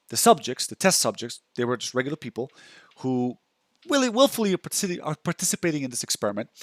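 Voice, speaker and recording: A man's voice: a little high, a bit bright, no room sound, clean studio sound. A young man giving casual self-help advice and talking through a post, chatty, with many restarts, acting out the thoughts he describes. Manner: chatty, restarts a lot, acts out inner thoughts. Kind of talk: casual talk reacting to a post.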